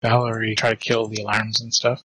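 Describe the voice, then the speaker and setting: Guy with a bright punchy voice, walking through his plan in a tabletop game. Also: on the low side, completely flat delivery, a little fast, breathy edge, dry recording, poor audio. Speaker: player. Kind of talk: describing character actions in a tabletop game.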